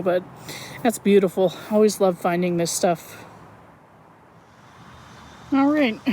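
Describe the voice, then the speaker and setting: A woman narrating her metal detecting finds outdoors on a wooded property in a chatty, excitable way, often correcting herself. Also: mid-range voice, a little hiss or hum, low-quality recording. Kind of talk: casual outdoor vlog narration.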